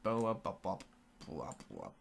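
A young man, ill with a cold, quietly muttering commentary to himself as he plays a video game. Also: deep voice, huge pitch swings, slow, vocal fry, slight background noise. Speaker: gaming video host. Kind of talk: casual gameplay commentary.

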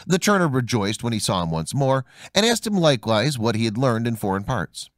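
A man narrating a fairy tale as an audiobook, reading with a very animated delivery and big pitch swings on the dialogue. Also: fairly quick, no echo, clean studio sound. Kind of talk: storybook narration.

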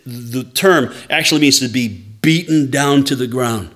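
A pastor preaches in an easy, conversational way, a man with a voice of middling pitch. He teaches the text plainly and now and then drops into playful acted asides. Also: unhurried, fairly bright tone. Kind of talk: sermon.

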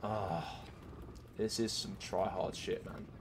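A man's voice: fairly low pitch, slow pace, background noise. A young man giving casual commentary over his gameplay, swearing a lot and talking to his viewers as boys and mates. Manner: swears often, frustrated and animated, talks to viewers as boys and mate. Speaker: gaming streamer. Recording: game gunfire behind the voice.

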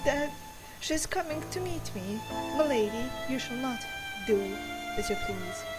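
A loyal, formal maid from a spooky game, with a stiff courtly manner and a put-on accent, as a young woman reads her part. Her voice sits somewhat high and is delivered with slow care. Loud game music plays under her. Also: expressive, rough recording. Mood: resolute. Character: loyal prim female maid, devoted and formal.

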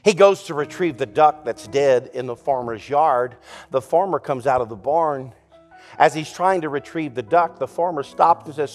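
A man preaching a sermon as pastor, telling a folksy joke story and speaking in a lively, conversational way. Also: fairly high pitch, normal speed, soft background music. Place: church sanctuary.

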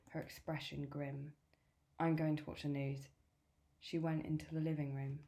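A woman tutor reading a novel aloud, steady and clear. Her voice sits low for a woman.

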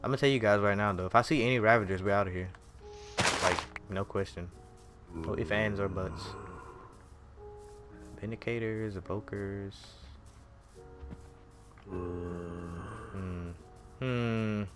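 A man's voice: lowish voice, takes it slowly, long pauses. A man giving casual commentary over his own gameplay, jumpy and exclaiming, talking straight to the game. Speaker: gaming video creator. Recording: game music playing behind voice.

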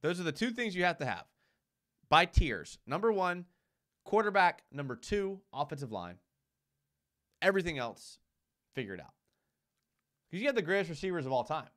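A man's voice: fairly high pitch, very animated, moderate pace, pauses often, a bit bright. A man hosting a live sports talk show, arguing emphatically with rhetorical questions and repeated points, and reading out viewer comments. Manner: reads viewer comments aloud.

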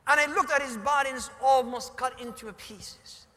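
Male preacher, dramatic sermon storyteller, Arabic phrases, forceful tone, echoey hall. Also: very high voice, normal speed, few pauses.

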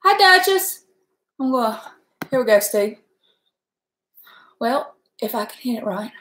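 A middle-aged woman, hosting a casual cooking stream from her home kitchen, folksy and chatty, laughing often and talking fast from nerves. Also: fairly high pitch, steady tone, darkish tone, a little hiss or hum. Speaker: home cook and channel host. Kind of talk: casual cooking livestream chat. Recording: echoey kitchen room.

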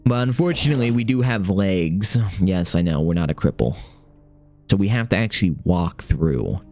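A young man commentating his own game run, excitable and swearing, talking to himself. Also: low voice, moderate pace, faint music behind. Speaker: gaming streamer. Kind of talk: live let's-play commentary.

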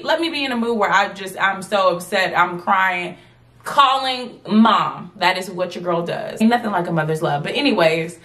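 Chatty twenty-something woman vlogger. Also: mid-range voice. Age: 20s. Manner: animated, chatty, addresses viewers as y'all. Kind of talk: storytime vlog.

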